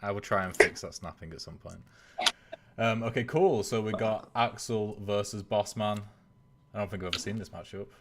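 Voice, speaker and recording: Brief: deep-voiced male host, loose rambling game commentary, lots of ums. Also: normal speed, noisy background. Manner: casual, rambling, many filler sounds. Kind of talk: live stream game commentary.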